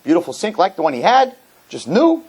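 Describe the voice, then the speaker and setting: A rabbi giving a lecture, telling a funny story and acting out its characters before drawing a lesson. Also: male voice, sits high, brisk, husky, low-quality recording. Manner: animated storyteller, jokes, acts out characters. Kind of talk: humorous sermon lecture.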